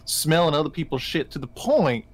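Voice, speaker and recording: A man's voice: on the high side, big pitch swings, moderate pace. Man, player, joking, wordy, faint hiss. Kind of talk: casual tabletop play.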